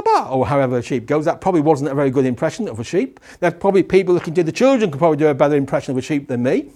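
A male pastor preaching a sermon, asking rhetorical questions and pausing for emphasis. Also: high voice, darkish tone.

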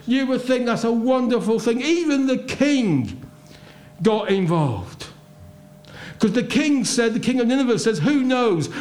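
A man preaching a sermon, emphatic and full of rhetorical questions, his voice swinging between loud and hushed. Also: extremely high pitch. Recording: roomy echo.

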